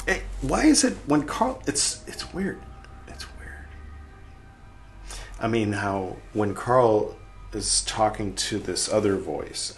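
A man's voice: fairly low pitch, gravelly. A man hosting a podcast, reading passages and rambling through casual commentary with restarts and dips into a near-whisper. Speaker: podcast host.

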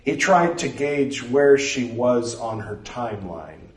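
A man narrating a story in a measured, expressive reading. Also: medium pitch. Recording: roomy, distant mic.

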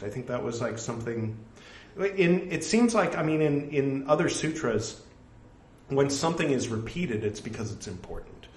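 A man reads old scripture aloud at a medium pitch, calling out every quote mark and ellipsis as he goes. Between passages he drifts into loose, chatty remarks. The sound carries a noticeable room echo. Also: lively intonation, moderate pace, slight background noise. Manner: reads out punctuation such as quote and three dots; casual asides full of fillers like "like" and "you know". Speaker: scripture reader. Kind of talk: reading aloud with casual commentary. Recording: echoey room.

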